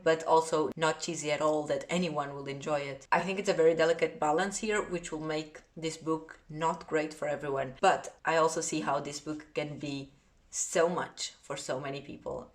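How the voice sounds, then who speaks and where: A woman with a Portuguese accent, talking to camera in an earnest, chatty book vlog and often trailing off. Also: sits low. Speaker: book vlogger. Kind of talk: casual vlog talk to camera. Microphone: phone or camera on a tripod.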